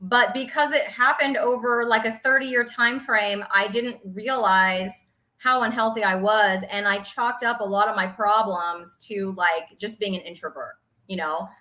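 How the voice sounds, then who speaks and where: A woman in her forties co-hosting a casual livestream chat, chatty and quick to laugh. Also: mid-range voice, sharp tone, low-quality recording. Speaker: livestream co-host.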